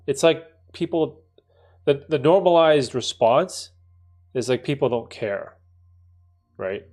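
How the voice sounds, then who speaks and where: Speaking slowly with frequent pauses, this man sounds animated and a little mellow at a medium pitch, with faint music behind him. He's a congested-sounding streamer reading out chat messages and responding conversationally, full of fillers.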